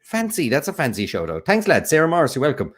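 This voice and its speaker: A man with a Cork Irish accent hosting a livestreamed pub quiz, chatting casually and reading out viewer comments with quick jokes. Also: a little high, huge pitch swings, husky. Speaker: quiz host.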